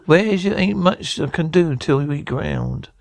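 A man reading the lines of a gruff, blunt male spaceship pilot from a radio script. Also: a little high, expressive, measured pace, dry recording.

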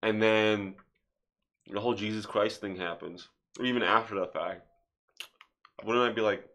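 A man hosting a casual podcast, animated, swearing freely and firing off rhetorical questions. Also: on the low side, normal speed, pauses often. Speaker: podcast host.

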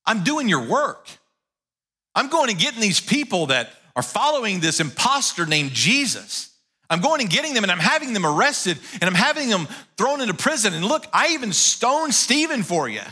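Indignant zealot, man doing the voice, bright and high, protesting hard. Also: big pitch swings, normal speed, breathy edge, heavily acted. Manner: protesting, self-justifying. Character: indignant zealous young male persecutor.

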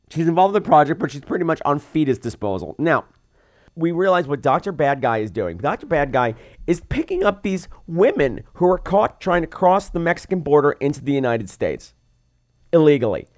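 Animated man recapping a film sarcastically. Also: on the high side, normal speed, no room sound, clean studio sound. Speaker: podcast host and film reviewer.

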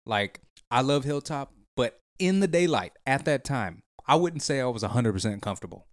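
A man, joking crudely in a relaxed chat. His pitch swings around a lot as he tells stories. The sound is dry and close, with no room echo. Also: normal speed. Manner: crude, jokey storytelling. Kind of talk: casual chat.

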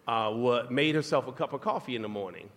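A man's voice: medium pitch, expressive, fairly quick, fairly bright tone. A man co-hosting a live podcast, telling a relationship story with laughter. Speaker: podcast co-host. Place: live tour venue. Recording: long hall reverb.

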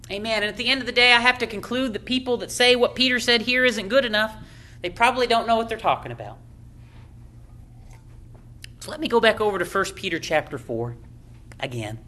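A man's voice: high-pitched, sharp tone. A middle-aged man preaching a sermon as pastor, emphatic, with frequent amens and chuckles.

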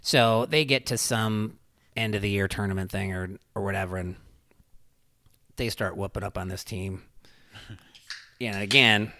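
Man, lowish voice, casual rambling storyteller with heavy fillers and cursing, dry sound. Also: steady tone, a little slow, long pauses, sharp tone, dry recording. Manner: rambling, many fillers, swears freely.

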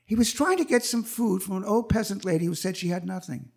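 A man's voice: high-pitched, fairly quick, gravelly. A man in his eighties telling a personal story on stage at a live event, vivid and acting out the people in it. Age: 80s.

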